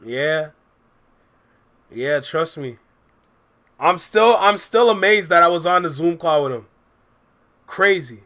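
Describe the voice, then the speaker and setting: A man's voice: fairly high pitch, expressive, slow pace, long pauses, pushed and bright. A young man casually chatting with his viewers on a livestream, laid-back and full of slang, reading out and answering chat messages. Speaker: reaction streamer.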